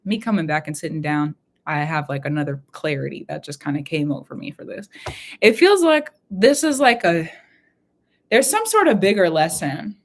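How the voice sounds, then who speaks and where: A woman's voice: sits low, expressive, normal speed. A woman hosting a spiritual reading live stream from her room at home, talking in a rambling, heartfelt way and repeating her phrases. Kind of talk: casual live-stream talk.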